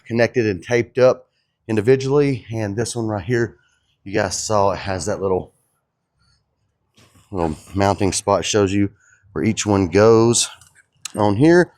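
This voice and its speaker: A young man chatting casually in his shop vlog, laid-back and excited, tossing in "dude" and "man". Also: lowish voice, moderate pace, long pauses, no echo, studio quality. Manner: laid-back and enthusiastic, drawling, calls viewers dude and man. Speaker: custom truck builder and vlogger.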